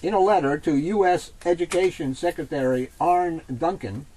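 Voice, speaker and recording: A man co-hosting a talk show, reading an article aloud in a measured, steady way. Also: on the high side, slight background noise, low-quality recording. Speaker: co-host. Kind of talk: reading an article aloud, then casual chat.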